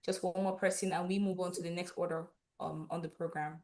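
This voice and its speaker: A young woman from Nigeria hosting an online graduation, chatty and lively, laughing often. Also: fairly low pitch, fairly quick. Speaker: event host.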